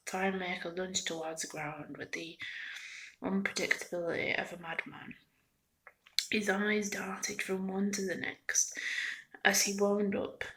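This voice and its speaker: A woman reading a storybook aloud in a soft-spoken ASMR style, often drifting into a whisper. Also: mid-range voice, creaky, low-quality recording. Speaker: ASMR reader.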